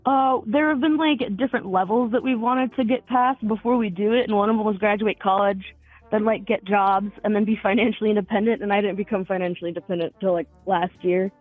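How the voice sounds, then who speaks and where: A woman's voice: medium pitch, fairly even intonation, fast, faint music behind. Woman in her twenties on a tinny phone line. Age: 20s. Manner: casual, rambling, swears, many fillers. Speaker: caller. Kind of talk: casual phone chat.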